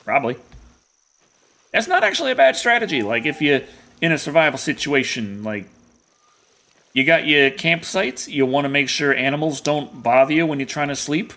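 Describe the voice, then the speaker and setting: A man's voice: a little high, animated, moderate pace, bright, forceful tone. A young adult man streaming a hunting game, rambling and jokey in casual commentary.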